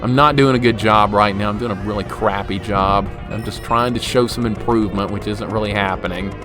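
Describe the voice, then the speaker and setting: A man's voice: on the low side, steady tone, brisk. A young man streaming a retro game live, commenting as he plays, getting frustrated, joking and laughing while he reads and answers his chat. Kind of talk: live gameplay commentary chatting with viewers. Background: game music.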